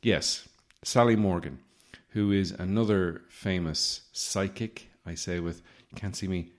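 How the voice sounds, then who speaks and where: Low-voiced male podcast host, sardonic, rambling comic monologue. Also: unhurried.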